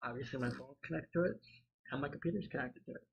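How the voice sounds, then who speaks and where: Gravelly man rambling over gameplay. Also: mid-range voice, fast, lo-fi sound. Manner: rambling, loses his thread, swears freely. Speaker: gaming channel host.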